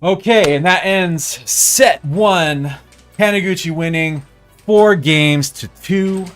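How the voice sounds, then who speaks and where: A man's voice: high voice, slow pace, a bit bright, faint music behind. Joking male air hockey commentator. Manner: joking, playful. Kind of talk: live sports commentary.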